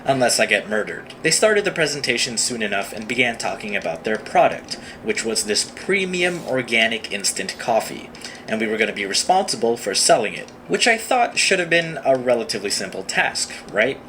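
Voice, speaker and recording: Man with a lively wry narration. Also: mid-range voice, a little fast. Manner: wry, self-mocking, lively delivery. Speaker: animated storyteller. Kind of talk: scripted comic narration. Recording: noisy played-back video clip.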